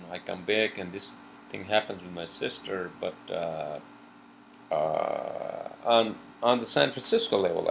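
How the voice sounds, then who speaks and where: A man with a low, gravelly voice rants through an informal podcast chat, circling back on himself and cursing as he vents. A faint hum of ambience sits behind him. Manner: rambling, swearing, venting in frustration. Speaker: podcast host.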